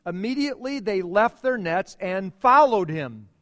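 A middle-aged male pastor preaching a sermon, emphatic, with dramatic pauses and repeated phrases. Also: high voice, expressive, a bit bright, in a large hall.

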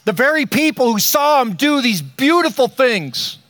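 An older man preaching a sermon, slow and emphatic, with dramatic pauses between phrases. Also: very high-pitched, sing-song, fairly bright tone, dry recording, studio quality. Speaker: pastor.

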